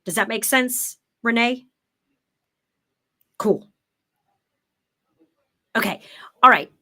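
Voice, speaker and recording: A woman's voice: on the high side, drawn-out words, pushed and bright. A middle-aged woman presenting a live online workshop, explaining things in a chatty way and showing her points as she goes. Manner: drops into emphatic, broadcaster-style read when showing the script.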